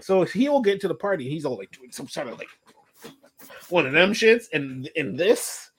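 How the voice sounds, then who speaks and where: A man's voice: a little high, expressive, moderate pace, a bit bright, slightly rough. A man in casual chat, telling slangy stories animatedly and breaking into laughter often.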